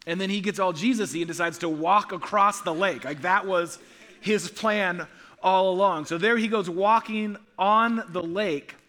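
A male pastor preaching in a church sanctuary, his voice high and bright. He moves between emphatic, rising passages and quiet, hushed ones, dropping humorous asides along the way. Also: moderate pace. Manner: animated, swings from loud emphatic to soft hushed delivery. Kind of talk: sermon.

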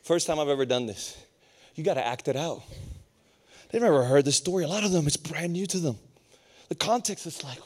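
A young adult male preacher tells a story from the pulpit, animated and full of acted voices. His voice sits high for a man and swings between quick bursts and hushed moments. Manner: animated, acts out voices of others. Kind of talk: storytelling sermon.

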